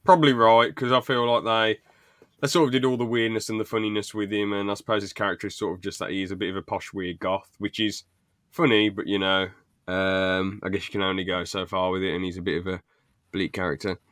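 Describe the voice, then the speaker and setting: A young man hosting a podcast in casual chat, animated and blunt, laughing often. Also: on the low side, fairly quick, dry recording, studio quality. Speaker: podcast host.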